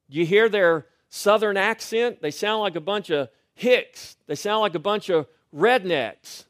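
A middle-aged male pastor preaching a sermon, swinging between loud rising lines and quiet, hushed refrains. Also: sits high, measured pace, few pauses, no room sound, studio quality.

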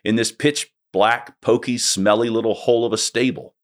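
A man reading aloud and voicing a surly, scornful male dwarf in a gruff, raised voice. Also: mid-range voice, steady tone, moderate pace, lightly acted.

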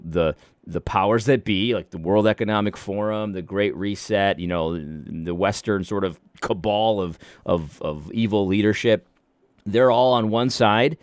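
A man's voice: lowish voice, no room sound. Man talking in a dry, close sound. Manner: frequent restarts and stuttered repeats. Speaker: commentator. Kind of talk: casual opinion monologue.

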